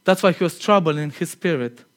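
High-voiced man preaching conversationally. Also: brisk. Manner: chatty and earnest, laughs at himself, drops to a quiet tone for emphasis. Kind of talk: conversational sermon.

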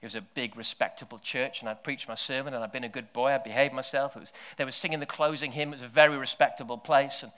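Bright-voiced preacher, hushed to shouting. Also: male voice, mid-range voice, fairly even intonation, quick pace, few pauses. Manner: swings from hushed near-whispers to loud shouted bursts. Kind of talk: sermon with storytelling.

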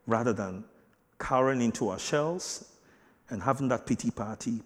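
A man preaching a sermon with emphatic, swinging delivery, booming declarations dropping to quiet asides. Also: lively intonation, normal speed. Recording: long hall reverb.

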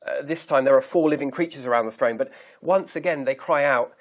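A man preaching a sermon, reading scripture aloud slowly and deliberately and pausing to stress key words. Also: mid-range voice. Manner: measured, emphatic reading of scripture.

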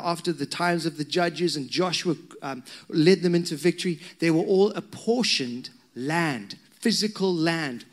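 A man preaching a sermon, telling personal stories with conversational asides to the congregation. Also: sits high. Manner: animated storytelling, conversational asides to the crowd. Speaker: pastor.

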